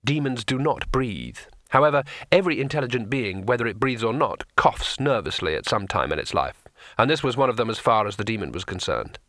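Man narrating an audiobook, bright and dry. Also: medium pitch, lively intonation, brisk, no room sound. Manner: dry, wry storytelling.

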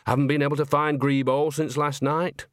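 Here the same sort of performance stays close to an everyday voice, though still pitched above the man's natural one: on the high side, with little pitch movement and a moderate pace. He voices a cheery, earthy old witch who chats in a rambling, folksy, sly manner for an audiobook, recorded dry in studio quality.

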